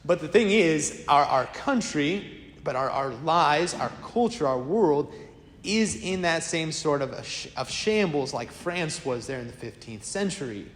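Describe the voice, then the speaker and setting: A man preaching a sermon as a priest, telling stories in a lively, conversational way. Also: on the high side, a little slow. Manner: lively storytelling, acts out quoted voices; casual, conversational preaching to a congregation. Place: church. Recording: echoey church with long reverb.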